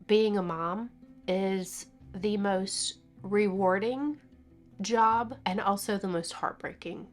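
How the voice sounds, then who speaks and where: A woman's voice: mid-range voice, slow, faint music behind. A woman in her fifties talking in a personal vlog, teary and sniffling, laughing and crying at once and dropping into whispers. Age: 50s. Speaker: vlogger.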